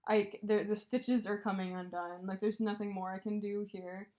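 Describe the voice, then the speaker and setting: A woman co-hosting a casual podcast chat, telling an animated breakup story and swearing freely. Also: medium pitch, normal speed. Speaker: podcast co-host.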